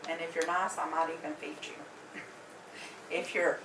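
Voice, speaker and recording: This woman, a medium and tarot reader, speaks slowly in a low voice while telling an animated story in casual conversation, laughing often. The recording sounds roomy, with a distant mic and faint background noise.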